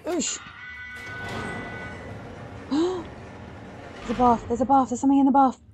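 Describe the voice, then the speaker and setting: A woman giving gaming commentary, excitably urging her character on and yelping at scares. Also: high voice, moderate pace, music in the background. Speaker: let's play gamer.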